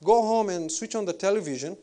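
Male preacher, slightly high voice, measured and reflective delivery with fillers. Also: dark tone. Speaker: Islamic preacher. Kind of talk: spiritual lecture.

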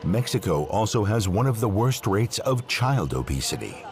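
A man reading scripted documentary narration in a measured, expressive way. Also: on the low side, heavy background noise. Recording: narration over clear music.

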